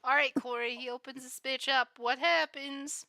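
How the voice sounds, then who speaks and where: A woman running a tabletop game as game master, lively and blunt, swearing freely. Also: high-pitched, moderate pace.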